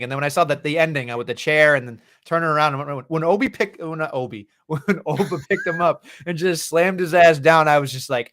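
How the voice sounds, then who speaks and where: A man's voice: on the high side, fairly bright tone, smooth. A man co-hosting a podcast, casually chatting and joking about wrestling, swearing freely. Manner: laid-back, joking, profane. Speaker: podcast co-host.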